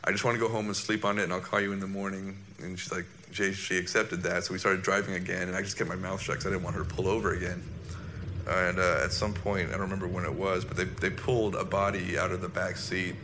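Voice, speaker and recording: A man, a former soldier recounting an incident in a halting, reflective personal monologue. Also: low-pitched, little pitch movement, pushed and bright, a little hiss or hum.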